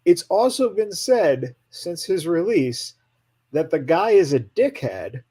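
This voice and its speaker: A man's voice: fairly high pitch, very animated, takes it slowly, warm tone, breathy edge. A man co-hosting a casual podcast chat who breaks in eagerly and talks with emphasis. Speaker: podcast co-host.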